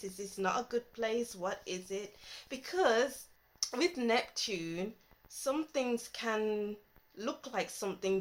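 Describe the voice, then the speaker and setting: A woman doing a casual tarot reading monologue, playful and giggly, with soft, reflective stretches. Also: medium pitch, rough recording. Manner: playful and giggly, breaks into song and laughter; soft, intuitive, reflective delivery. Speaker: tarot reader.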